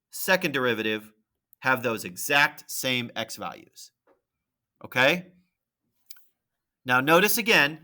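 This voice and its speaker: Man, math teacher, screen-recorded lesson, conversational, bright tone. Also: medium pitch. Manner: conversational, thinking aloud with frequent "right?" and "okay?".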